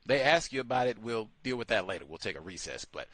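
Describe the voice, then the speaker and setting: A male radio host runs a satirical call-in show, switching between mocking voices and sardonic asides. His fairly low voice is expressive and a bit bright, with a quick pace and no room sound.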